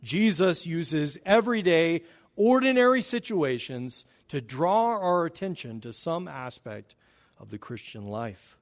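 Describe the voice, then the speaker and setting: Man, middle-aged, pastor, sermon, earnest, emphatic, slightly high voice. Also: big pitch swings, a little slow. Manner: earnest, emphatic preaching with rising stresses.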